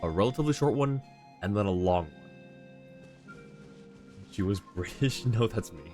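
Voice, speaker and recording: A man's voice: lowish voice, lively intonation, normal speed, mellow, soft background music. A man streaming a video game live, giving chatty, rambling commentary and laughing often.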